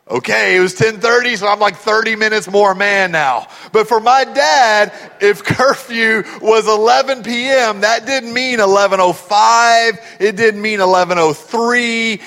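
A man's voice: high voice, fairly bright tone, in a large hall. A man from Texas preaching a sermon, telling stories with animation and putting questions to the congregation. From Texas, USA. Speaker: pastor.

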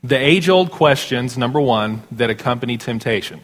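A man in his thirties preaching a sermon as pastor in a church sanctuary, conversational and self-deprecating with quick asides. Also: mid-range voice, a bit bright. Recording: long hall reverb.

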